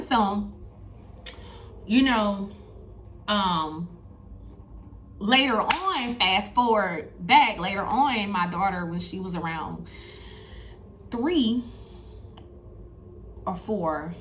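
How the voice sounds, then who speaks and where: A woman's voice: mid-range voice, lively intonation, drawn-out words, long pauses, a bit bright, slight background noise. A woman, telling a personal story in a chatty vlog, talking straight to her viewers and circling back over her points. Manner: chatty, addresses viewers directly, repeats herself. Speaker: spiritual content creator.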